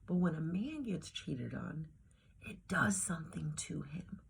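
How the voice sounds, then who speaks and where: A woman's voice: sits low, very animated, unhurried, gravelly, husky. A woman giving a casual devotional talk to camera, slangy and emphatic, often dropping into whispers. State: heartbroken after a breakup. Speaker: faith vlogger.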